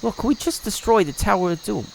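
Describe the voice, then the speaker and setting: A man's voice: high-pitched, animated, fairly quick, vocal fry, a little hiss or hum, voice pushed up. A man voicing a hot-headed young villager from a game, brash and insulting. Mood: angry.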